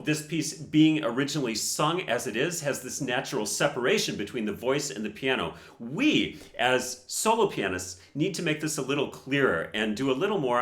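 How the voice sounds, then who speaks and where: A man's voice: mid-range voice, a bit bright, echoey room. A man reviewing a piano performance and teaching technique in a casual, explanatory way, counting beats aloud.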